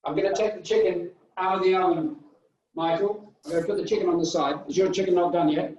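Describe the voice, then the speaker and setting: A man chef explains a recipe patiently, one step at a time. His voice sits a little high. It comes across dull and roomy, picked up from some distance. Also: steady tone, fast, darkish tone. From United Kingdom. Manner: instructive, step-by-step. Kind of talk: cooking demonstration. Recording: echoey room, distant mic, dull sound.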